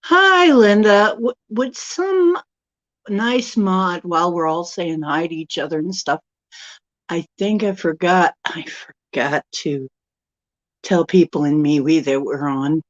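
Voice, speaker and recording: A woman's voice: on the low side, takes it slowly. A woman hosting a casual live stream from a room at home, chatty and rambling as she greets viewers by name. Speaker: livestream host. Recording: dull lo-fi stream audio.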